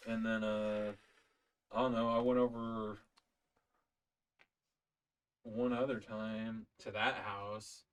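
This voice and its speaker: A young man telling a story in casual podcast chat, hesitant and halting, often unsure what he remembers. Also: on the low side, flat delivery, clean tone, distant mic. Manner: hesitant, halting with many "I don't know". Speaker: podcast co-host.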